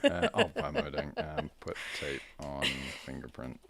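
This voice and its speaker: A man's voice: a bass voice, huge pitch swings, a little slow, creaky, crowd noise. A man casually chatting while playing a game on a livestream, joking and thinking aloud. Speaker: game streamer. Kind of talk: casual let's-play chat.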